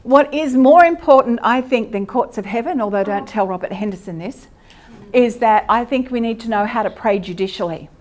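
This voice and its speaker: A woman's voice: on the high side, normal speed, a little mellow. A woman teaching at a church session, talking in a conversational way with fillers and self-corrections. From Australia. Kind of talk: sermon teaching.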